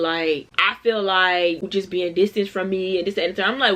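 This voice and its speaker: Twenty-something woman doing a storytime vlog, super animated, slangy, talking to y'all, middle pitch. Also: fairly quick, hardly any pauses. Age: 20s. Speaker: vlogger.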